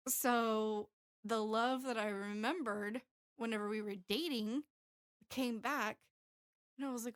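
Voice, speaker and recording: A woman's voice: a little high, fairly even intonation, measured pace, no room sound, clean studio sound. Candid woman telling a marriage story. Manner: candid, emotional storytelling with fillers. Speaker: podcast co-host. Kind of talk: casual storytelling chat.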